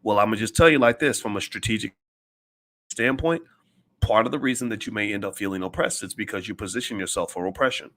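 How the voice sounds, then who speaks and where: A man's voice: lowish voice, quick pace, fairly bright tone. A middle-aged man giving an impassioned, preachy monologue as a commentator, hammering his points with repetition.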